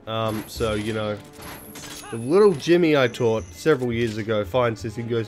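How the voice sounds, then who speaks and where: A man's voice: medium pitch, normal speed, faint music behind. Sweary, rambling gaming guy. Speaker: let's play host. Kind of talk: casual gameplay commentary.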